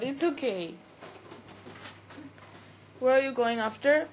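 High-voiced giggly woman, Mexican accent. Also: lively intonation, takes it slowly, slight background noise, rough recording. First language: Spanish. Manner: giggly, laughs often. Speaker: livestreamer answering fans. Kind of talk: casual chat reading comments. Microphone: phone.

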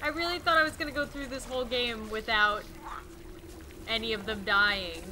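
A young woman commentating a game she plays, swinging between quiet sad musing and shrieking panic. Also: fairly high pitch, fairly even intonation, normal speed, a little hiss or hum. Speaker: gaming YouTuber. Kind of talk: let's play commentary. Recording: game music playing underneath.

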